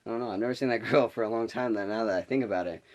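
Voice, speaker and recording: A man's voice: lowish voice, racing, lo-fi sound. Teen guy rambling through a story. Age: teens. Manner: rambling, animated, lots of restarts and "like". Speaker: vlogger. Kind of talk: casual storytelling vlog.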